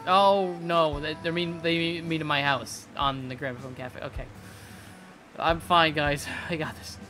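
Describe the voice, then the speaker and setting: A streamer talks through a game in a mid-pitched voice, muttering half-finished questions and rambling loosely. Game music plays clearly behind the commentary. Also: steady tone, unhurried. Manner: muttering, rambling, confused self-talk. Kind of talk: casual gameplay commentary.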